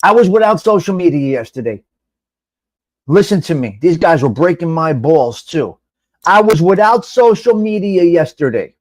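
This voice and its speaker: A high-voiced, middle-aged man rambles through a casual live chat on a webcam mic. His pitch swings widely as he calls out viewers by name and drops the odd curse. The sound is dry and close. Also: normal speed, no echo. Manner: animated, rambling, swears, addresses chat by name. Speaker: live show host.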